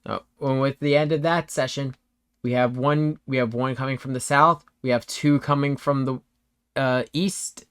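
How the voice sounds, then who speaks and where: A man's voice: mid-range voice, fairly even intonation, moderate pace, a bit bright, clear, resonant tone, no room sound, studio quality. A man narrating as game master of a tabletop game, in a laid-back, rambling way with frequent self-corrections.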